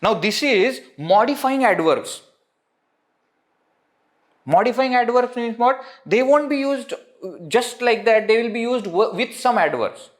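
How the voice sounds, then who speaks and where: A man's voice: extremely high pitch, animated, measured pace. A man with an Indian English accent teaching a Sanskrit lesson, saying each word, repeating it, then glossing it in English, with frequent chuckles. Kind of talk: live online language lesson.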